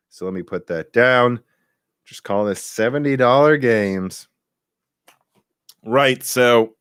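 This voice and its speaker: A man's voice: mid-range voice, a bit bright, no echo. A young man hosting a casual live stream about tech hardware, talking in a rambling, chatty way and laughing easily. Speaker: tech podcast host.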